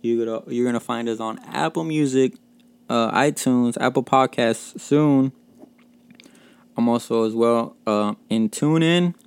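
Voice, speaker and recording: A man from Mexico tells stories on his own podcast, with a gravelly, creaky edge on a smooth, full voice. His talk is loose and profane, packed with fillers and small laughs. The sound is close and dry, with no room around it. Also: mid-range voice, unhurried, no echo. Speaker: podcast host. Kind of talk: casual storytelling podcast.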